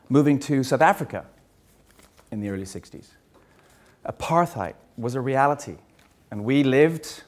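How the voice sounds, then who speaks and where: A man in his sixties from Germany, giving a personal talk on a stage, earnest and measured, often repeating words. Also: mid-range voice. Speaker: speaker.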